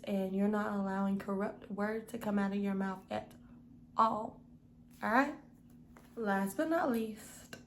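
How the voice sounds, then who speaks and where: Young woman leading a casual Bible study, earnest and conversational, medium pitch, light background hiss. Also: a little mellow, poor audio. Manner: earnest, repeats "okay?" to the listener. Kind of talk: casual devotional teaching.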